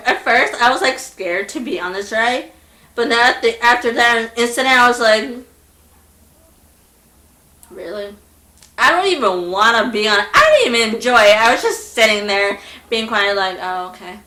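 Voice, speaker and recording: A woman's voice: on the high side, moderate pace. Exasperated young woman ranting in an echoey room. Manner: animated, exasperated, acts out voices in quotes. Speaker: vlogger. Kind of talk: casual storytime rant.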